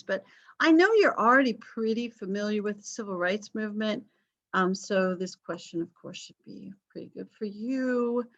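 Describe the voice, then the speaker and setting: A woman's voice: mid-range voice, a bit bright, highs cut off. A woman instructor giving a chatty, self-deprecating recorded online lecture with frequent ums. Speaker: college history instructor.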